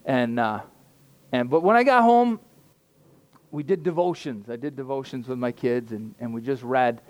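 A man's voice: mid-range voice, animated, moderate pace. A middle-aged man preaching an informal sermon, conversational and self-deprecating, with frequent restarts and fillers. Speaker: pastor.

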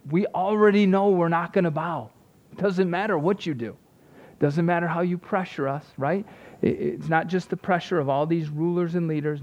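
A man in his thirties or forties gives an earnest sermon in a slightly high voice. He keeps restarting his sentences and checking in with "right?" as he goes. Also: a little mellow. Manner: earnest preaching with many restarts and rhetorical "right?". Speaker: pastor.

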